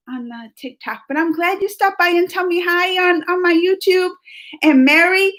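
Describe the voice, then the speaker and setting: Bright, high-voiced bubbly woman streaming. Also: normal speed. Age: adult, mother of school-age kids. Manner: bubbly, laughs often, greets chat by name. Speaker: livestream host. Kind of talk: casual live-stream chat.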